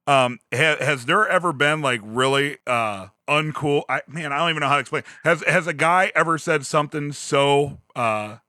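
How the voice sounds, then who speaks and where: Podcast host guy, bright tense voice, laughs a lot, dry room. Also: on the high side, normal speed, few pauses, no echo. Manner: chatty, laughs often. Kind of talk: casual chat.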